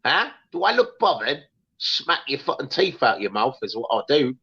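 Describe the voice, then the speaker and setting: A man's voice: mid-range voice, very animated, moderate pace, sharp tone, husky, dull audio, full character voice. A man putting on a Cockney street tough. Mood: menacing swagger. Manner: swaggering, threatening, profane. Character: brash tough-talking London street geezer man.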